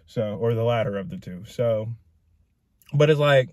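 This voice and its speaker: A man's voice: mid-range voice, normal speed, a little mellow, no echo, studio quality. A young man venting to camera in a raw, profane, rambling rant that goes in circles. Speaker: vlogger. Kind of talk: emotional personal rant to camera.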